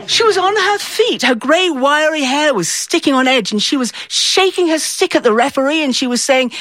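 A woman from the north of England telling a personal story in a playful, expressive way, acting out the voices in it. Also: high voice, moderate pace, hardly any pauses, dry recording.

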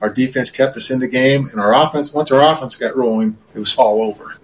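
An older man, a former quarterback, recalls his playing days in a relaxed interview, often repeating words and filling pauses. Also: medium pitch, poor audio. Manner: rambling, repeats words, many fillers.

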